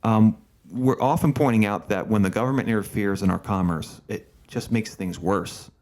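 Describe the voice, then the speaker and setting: A man's voice: lowish voice, normal speed, darkish tone. A man from Berks County hosting a podcast, introducing his guest in a loose, rambling way with lots of restarts. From Berks County, Pennsylvania. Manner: rambling, many fillers and restarts. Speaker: podcast host. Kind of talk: casual interview hosting. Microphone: camera setup, host seen.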